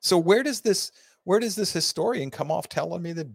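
A man's voice: high-pitched, animated, brisk, vocal fry, no room sound. Earnest man lecturing. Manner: earnest, rambling, emphatic, with heated rhetorical questions. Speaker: teacher hosting an online class. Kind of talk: unscripted lecture to students.

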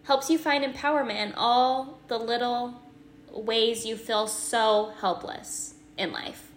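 A woman's voice: a little high, slow pace, a little hiss or hum. A young woman co-hosting a podcast with her mother, chatting in an agreeable, enthusiastic way. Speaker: podcast co-host. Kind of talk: casual podcast chat.

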